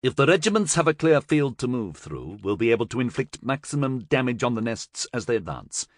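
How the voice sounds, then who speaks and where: Мужчина играет холодного сурового командира. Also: male voice, medium pitch, sing-song, brisk, no echo, studio quality, voice pushed up. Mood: grim. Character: stern, cold older male military commander. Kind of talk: audiobook character voice.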